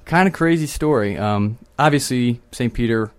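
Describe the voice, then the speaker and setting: A man's voice: medium pitch, expressive, normal speed, clear, resonant tone. A young man co-hosting a podcast, chatting casually and telling a story with frequent laughs. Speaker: podcast co-host. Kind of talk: casual chat.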